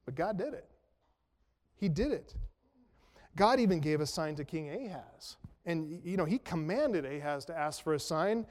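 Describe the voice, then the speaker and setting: Preaching an expository sermon amid a large hall's long reverb, this pastor has a rather high, expressive voice with a darkish tone and a moderate pace. He keeps it conversational, posing rhetorical questions and joking at his own expense.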